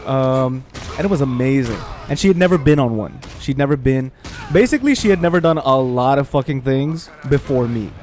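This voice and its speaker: A man's voice: mid-range voice, lively intonation, brisk, darkish tone. A young man telling a long personal story while playing a game, rambling, heartfelt and full of swearing and fillers. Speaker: gaming channel host. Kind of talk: storytelling over gameplay.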